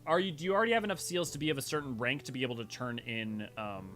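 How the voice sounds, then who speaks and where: A man chats casually over a game stream, rambling from one nerdy tangent to the next. His tone is bright and forward at a middle pitch, and he often stops to restart or correct himself. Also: quick pace, faint music behind. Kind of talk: casual livestream chat and game commentary.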